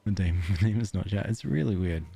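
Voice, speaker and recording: A man's voice: low-pitched, expressive, brisk, vocal fry, dark tone, soft background music. A man with an Australian accent streaming a game, chatting casually with viewers in a joking, self-deprecating way and laughing often.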